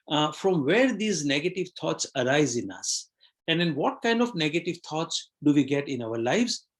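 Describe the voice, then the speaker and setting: An earnest man leads a motivational webinar in a fairly high voice for a man. He tells a fable, then repeats its lesson in phrases that speak directly to the listener. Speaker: webinar trainer. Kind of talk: motivational talk with storytelling.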